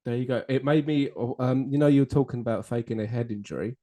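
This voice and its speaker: Male podcast host, jokey rambling banter, mellow timbre. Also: medium pitch, quick pace. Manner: jokey, rambling, laughs at own jokes. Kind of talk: casual banter over drinks.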